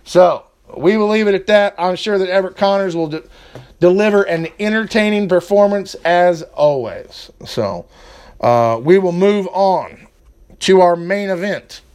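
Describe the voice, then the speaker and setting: A man's voice: high-pitched, measured pace, darkish tone, clean tone. A man hosting a casual wrestling preview podcast, rambling with fillers and turning to a heated rant. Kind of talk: casual chat.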